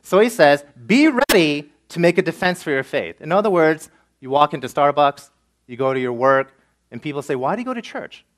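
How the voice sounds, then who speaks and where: A man's voice: fairly high pitch, normal speed. A male pastor preaching a sermon and acting out the voices of the people in his examples. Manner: animated, acts out self-pitying and entitled voices.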